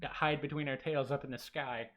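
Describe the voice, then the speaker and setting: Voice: medium pitch, fairly even intonation, normal speed, a bit bright. A co-host in a casual review chat who jokes, teases and often talks over the other host.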